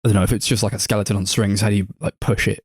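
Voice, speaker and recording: A man's voice: on the low side, flat delivery, racing, slightly rough, no room sound, clean studio sound. A man co-hosting a movie podcast, chatting loosely and jokily about a film. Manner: chatty, loose and jokey, fond of mock quotes. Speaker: podcast co-host. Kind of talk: casual movie review chat.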